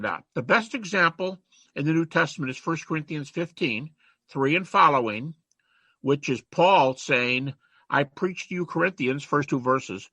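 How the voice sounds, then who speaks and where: An older man lectures in a chatty, emphatic way. His voice is bright and slightly husky, pitched a little higher than most men. The recording is dry, with no room sound. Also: dry recording. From United States. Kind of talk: informal lecture.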